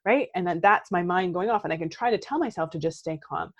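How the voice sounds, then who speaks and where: A woman with a lowish voice talks in a casual podcast chat. She is a therapist and coach in her thirties, animated, and she keeps asking "right?" as she explains. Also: fast. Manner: animated, says "right?" often, acts out quoted outbursts.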